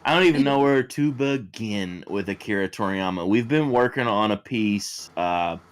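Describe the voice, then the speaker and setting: A man's voice: on the low side, normal speed. A man co-hosting a casual podcast, rambling with frequent restarts. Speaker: podcast co-host.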